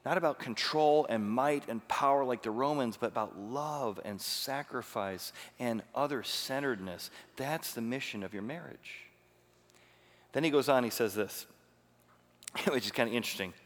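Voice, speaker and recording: A pastor gives an animated, conversational sermon and asks his listeners many questions. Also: mid-range voice, moderate pace. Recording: long reverb of a large hall.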